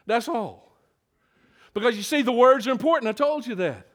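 An older man preaching a sermon in a folksy, emphatic way that builds to loud peaks. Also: extremely high pitch, expressive, normal speed.

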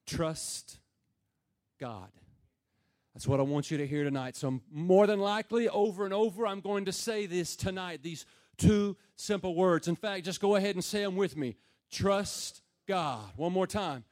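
A man preaching a sermon, dropping low and slow, then building to loud, shouted emphasis. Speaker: pastor.

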